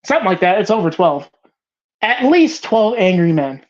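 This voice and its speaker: Here the movie bracket show host has a medium, sing-song voice that is a little mellow and moves at a moderate pace. Her film talk stays casual and passionate, full of emphasis, swearing, rambling and restarts, all captured on slightly dull lo-fi audio.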